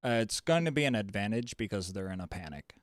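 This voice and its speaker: A man's voice: fairly low pitch, animated, quick pace, dry recording. Rambling male game master, dry sound. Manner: loose, rambling narration with fillers and restarts. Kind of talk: narrating a tabletop game.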